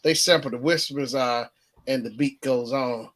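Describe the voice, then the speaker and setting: A man's voice: medium pitch, normal speed, a bit bright. A man hosting a casual live chat show, laughing often and humming bits of songs between remarks. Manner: laughs often, hums and sings snatches of songs. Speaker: show host.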